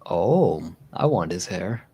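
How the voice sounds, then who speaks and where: A man's voice: sits low, sing-song, takes it slowly, vocal fry, mellow, breathy edge. A man hosting a casual livestream, chatting in a rambling way with easy laughs and repeated words. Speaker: livestream host. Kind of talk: casual chat.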